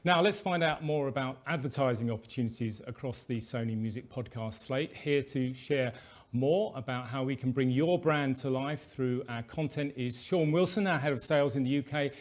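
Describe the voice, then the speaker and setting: Halting male panel moderator. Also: mid-range voice. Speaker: panel host and executive.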